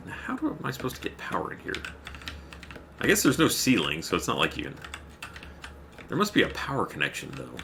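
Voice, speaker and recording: A man's voice: sits low, wildly swooping pitch, fairly quick, gravelly, pauses often, noisy background. A man livestreaming a game, chatting casually, rambling and thanking viewers by name as he plays. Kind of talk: casual chat while playing a game.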